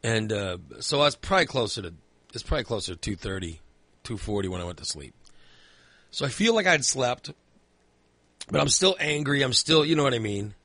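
A man's voice: mid-range voice, expressive, brisk, pauses often, sharp tone, dry recording. A man rambling through a long personal story in casual chat, swearing freely and filling in with lots of asides.

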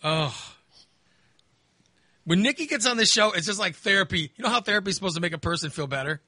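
A man's voice: high voice, expressive, quick pace, sharp tone, no room sound, clean studio sound. A middle-aged man hosting a podcast, ranting in casual chat with plenty of profanity and exasperation. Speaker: podcast host.

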